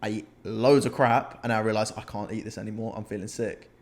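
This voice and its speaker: A young man from the UK, co-hosting a podcast and telling a candid story in lively casual talk, repeating himself. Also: on the low side, fairly quick. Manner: animated storyteller, repeats himself, acts out scenes. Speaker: podcast co-host, men's coach.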